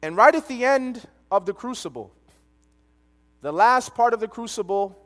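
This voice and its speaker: A man preaching a sermon, telling a personal story with animated delivery and quoted dialogue. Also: very high-pitched, normal speed. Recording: long reverb of a large hall.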